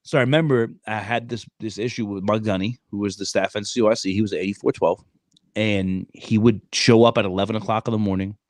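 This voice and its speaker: A man in his thirties spins a story for his podcast in loose, slangy talk, calling his listener "bro" again and again. His voice sits low. The sound is close and dry, with no room around it. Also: quick pace, no echo. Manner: animated, streetwise slang, frequent "bro". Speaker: podcast co-host. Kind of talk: casual storytelling chat.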